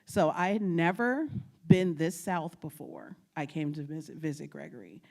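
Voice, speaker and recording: Lower-voiced woman telling family stories. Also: normal speed, gravelly. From New York. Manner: animated, laughing, acts out family quotes. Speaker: guest speaker. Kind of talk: storytelling presentation. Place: lecture at a state archives building.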